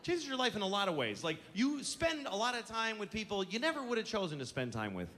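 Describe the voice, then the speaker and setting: A man's voice: wildly swooping pitch, fast talker, fairly bright tone. Grumpy ranting comedian in his forties. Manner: grumpy, ranting, trailing into low mumbles. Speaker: stand-up comedian. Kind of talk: stand-up routine. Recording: noisy ambience behind.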